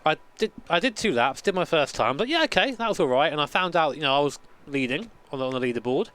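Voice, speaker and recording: A man's voice: fairly high pitch, animated, fast talker, a bit bright. Chatty sweary guy in his late twenties. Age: late 20s. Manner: chatty, swears freely, rambling anecdotes. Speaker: sim racing streamer. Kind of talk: casual live-stream chat.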